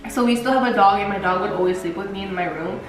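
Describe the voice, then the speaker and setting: A woman's voice: medium pitch, fast talker, a little hiss or hum. A young woman co-hosting a vlog, telling stories in a chatty way full of fillers and restarts. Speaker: vlog co-host. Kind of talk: casual storytelling chat. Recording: very echoey room, distant mic, faint music.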